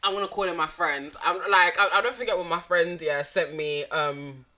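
Blunt, bright-voiced woman co-host. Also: fairly low pitch, brisk. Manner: blunt, jokey, laughs a lot. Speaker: podcast co-host. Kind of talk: casual chat.

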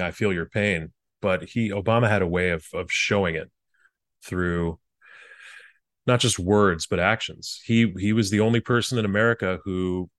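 A former speechwriter, a man, telling earnest stories in an interview, halting often and restarting his sentences. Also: low-pitched, a bit bright, no echo, studio quality. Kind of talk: reflective interview storytelling.

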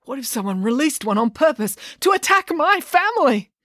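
A woman voicing a nervous middle-aged father who talks in a shrill, trembling, rapid-fire way. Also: sing-song, a bit bright, no echo, clean studio sound. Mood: panicky.

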